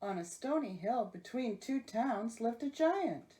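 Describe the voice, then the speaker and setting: Library storyteller, woman, reads picture books slowly with a lively, expressive voice. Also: fairly high pitch. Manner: expressive, unhurried. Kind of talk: children's story reading.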